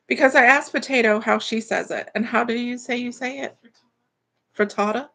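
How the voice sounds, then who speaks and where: Gravelly-voiced woman chatting on a livestream. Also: a little high, fairly bright tone. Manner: rambling, filler-heavy, greeting chat viewers. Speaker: live stream host. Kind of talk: casual live-stream chat.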